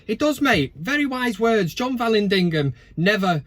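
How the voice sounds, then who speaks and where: A man's voice: high-pitched, sing-song, moderate pace, few pauses, fairly bright tone, dry recording. A man hosting a casual football chat vlog, full of jokey banter and swearing. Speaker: host.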